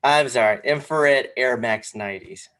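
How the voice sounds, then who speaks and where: A man co-hosting a casual podcast, talking in a rambling, animated way with lots of fillers. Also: mid-range voice, normal speed. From came to this country when young. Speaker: podcast co-host. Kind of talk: casual sneaker podcast chat.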